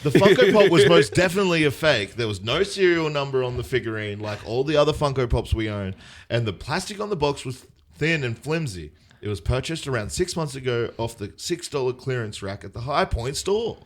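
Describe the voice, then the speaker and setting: Lively man reading reviews aloud. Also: medium pitch, a little fast. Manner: reads reviews aloud, laughing interjections. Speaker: podcast co-host. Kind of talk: casual chat.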